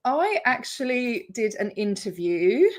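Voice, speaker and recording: A woman's voice: fairly high pitch, sing-song, slow pace. An Australian woman hosting her own livestream, chatting casually and rambling as she greets her viewers by name. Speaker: YouTube channel host.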